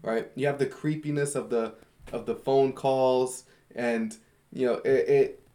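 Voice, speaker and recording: A man's voice: medium pitch, fairly even intonation, measured pace, dark tone. A man, easygoing podcast co-host. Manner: easygoing, steers the talk, laughs often. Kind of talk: casual chat.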